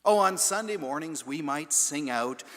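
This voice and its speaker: A man preaching a sermon as the pastor, telling a story in a deliberate, emphatic way in a large stone church. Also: a little high, animated, a bit bright. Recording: long church reverb.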